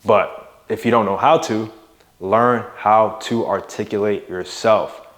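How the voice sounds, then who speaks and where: A man's voice: steady tone, slow pace. A young adult man coaching viewers in a motivational monologue, casual and emphatic, pushing his voice up and down to stress words and checking in with "right?". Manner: emphatic, varies loudness and pitch for emphasis, casual with "bro" and "right?". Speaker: mindset and fitness coach.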